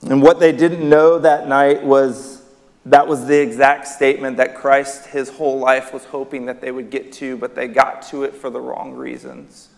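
A man's voice: mid-range voice, level tone, moderate pace, creaky. A man preaching a sermon in a church hall, emphatic, his voice rising on key words. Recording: long reverb of a hall.

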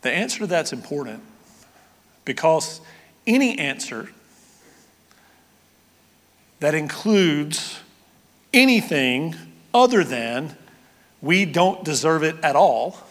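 A male pastor delivers a sermon in a fairly high voice. He swings from loud, excited storytelling down to quiet, hushed emphasis. His voice rings out through a large hall with a long reverb. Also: takes it slowly, pauses often.

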